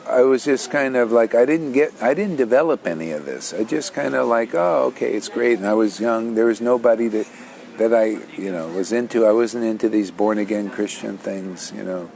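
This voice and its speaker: A man's voice: lowish voice, gravelly, a little mellow. An older man, telling his spiritual story in a rambling, casual way with many restarts. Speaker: spiritual teacher.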